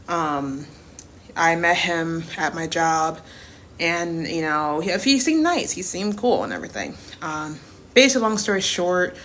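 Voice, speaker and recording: A woman's voice: lowish voice, a bit bright, slight background noise. A young woman in her twenties vents in a casual storytime rant. She is blunt and profane and circles back to repeat her points for emphasis. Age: 20s. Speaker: TikTok creator.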